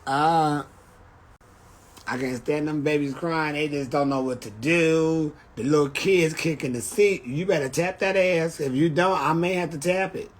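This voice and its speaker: A man's voice: fairly high pitch, unhurried. A man chatting casually on a phone livestream, telling brash, profane stories. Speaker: drag performer on a livestream.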